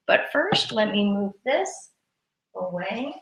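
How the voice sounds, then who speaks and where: A woman gives a live English lesson at a slow, unhurried pace. She says words carefully and repeats each one for her learners, in a voice of middling pitch. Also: big pitch swings, background noise. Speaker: English teacher. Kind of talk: live-streamed grammar lesson.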